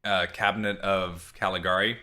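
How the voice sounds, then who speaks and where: A man's voice: sits low, little pitch movement, moderate pace, bright, forceful tone. A man co-hosting a podcast, bantering loosely and jokingly with his co-host. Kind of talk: casual chat.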